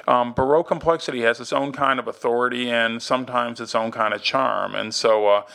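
A man's voice: mid-range voice, steady tone, brisk, gravelly, pushed and bright. A man co-hosting a design podcast, talking in a casual, enthusiastic and thoughtful way. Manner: enthusiastic, thoughtful, restarts often. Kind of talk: casual conversation.

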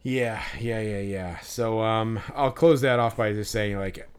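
A man in his forties with a fairly low voice chats on a podcast. He is easygoing and drops casual swears as he reacts to his co-host. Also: steady tone, measured pace, clear, resonant tone. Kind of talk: casual chat.

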